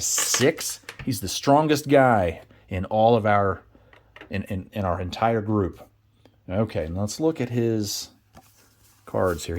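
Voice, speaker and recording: A man's voice: on the low side, a little mellow. A man narrating a solo tabletop game, chatting and thinking aloud as he rolls dice and laughs at bad results.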